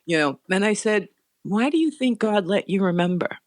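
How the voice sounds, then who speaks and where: A woman's voice: lowish voice, quick pace, dry recording. A middle-aged woman earnestly recounting a personal story as a podcast guest, sometimes choked up. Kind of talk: personal story told in an interview.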